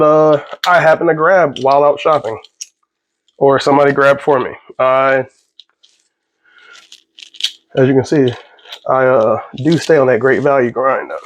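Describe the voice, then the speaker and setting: In his home kitchen, a young man vlogs while he cooks, chatting, joking and drifting off on tangents. His pitch is fairly high, and a faint hiss or hum runs under the recording.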